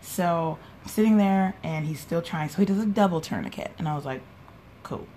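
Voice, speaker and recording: A woman's voice: on the low side, fairly quick, dark tone, slight background noise. A young woman telling a rambling, swear-filled personal story as a podcast host, quoting people as she goes. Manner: rambling, swears freely, quotes people in little voices. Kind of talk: casual storytelling monologue. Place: home, sipping a drink while recording.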